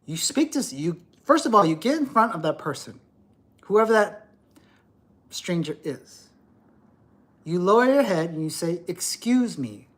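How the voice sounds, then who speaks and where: A middle-aged man rants on a livestream, lecturing and cursing as he goes. His voice swings widely up and down, with a lively, animated delivery. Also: sits high, unhurried, long pauses. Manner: ranting, profane, lecturing. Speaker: livestream host. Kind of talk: livestream rant.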